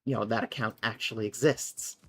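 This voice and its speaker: A woman's voice: extremely low pitch, steady tone, brisk, a bit bright, husky. A woman casually chatting and thinking aloud while she plays a game on a live stream, sometimes mocking herself. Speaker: livestreamer.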